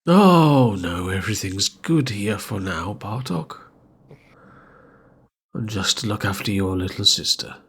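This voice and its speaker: A man's voice: fairly low pitch, lively intonation, takes it slowly, a bit bright, slightly rough. A man running a tabletop game, voicing a cheeky, bawdy priest in a mock-solemn, teasing way. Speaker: game master. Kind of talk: in-character tabletop role-play.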